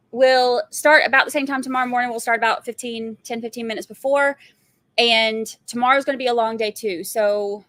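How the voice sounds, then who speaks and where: A woman's voice: a little high, a bit bright, no room sound. A sleep-deprived woman, chatting casually and rambling with giggles as a livestream host. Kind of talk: casual chat.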